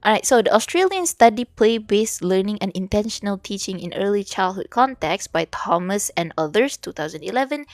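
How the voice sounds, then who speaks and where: A woman's voice: medium pitch, animated, a little fast, hardly any pauses, no room sound, studio quality. A woman streaming as a VTuber, chatting casually and giggling as she studies. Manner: chatty, mixes languages, giggly asides. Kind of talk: casual study stream chat.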